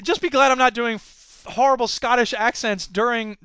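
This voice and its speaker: Brief: high, bright male podcast host, jokey and rambling, dry close mic. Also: steady tone, normal speed, creaky, clear, resonant tone, no echo. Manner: jokey, rambling, slips into silly voices. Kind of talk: comedic news commentary.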